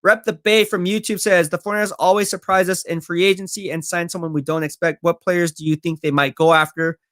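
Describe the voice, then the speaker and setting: A man's voice: sits high, little pitch movement, brisk, fairly bright tone. A man live-streaming football talk, reading viewer comments and answering them in a confident, chatty way. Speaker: sports streamer.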